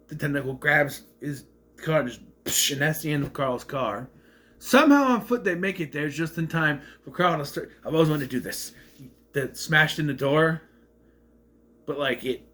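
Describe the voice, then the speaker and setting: A man's voice: fairly high pitch, fairly bright tone. A man casually recapping a movie plot, rambling and correcting himself as he goes. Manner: rambling, self-correcting retelling.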